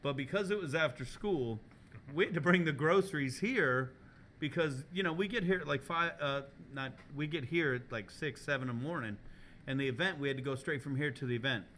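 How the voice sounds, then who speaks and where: Bright-voiced, profane storytelling podcast host. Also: male voice, a little high, fairly quick, a little hiss or hum. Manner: animated, profane storytelling, laughing often. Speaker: podcast host and culinary teacher. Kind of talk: casual podcast chat.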